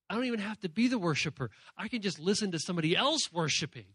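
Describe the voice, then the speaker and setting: A man giving an animated youth sermon, telling stories and acting out voices from shrieks to soft murmurs. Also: sits high, fast, few pauses, breathy edge, dry recording. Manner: animated storytelling, acts out characters in shrieks and murmurs. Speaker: youth speaker.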